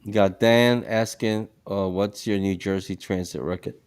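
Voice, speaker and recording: A man's voice: on the low side, fairly even intonation, moderate pace, a little mellow, clear, resonant tone. A man hosting a podcast, asking questions and joking in a casual way. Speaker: podcast host. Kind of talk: casual chat.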